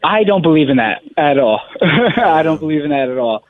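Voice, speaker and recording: A man's voice: on the high side, big pitch swings, normal speed. Man on a tinny phone line, chatty. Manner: chatty storyteller, laughs through his telling. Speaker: phone-in caller; fighter.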